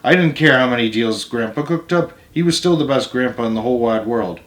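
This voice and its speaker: A man's voice: medium pitch, a little fast. Man reading a novel aloud in a roomy space. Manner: plain steady reading with small self-corrections. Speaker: storyteller. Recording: roomy echo.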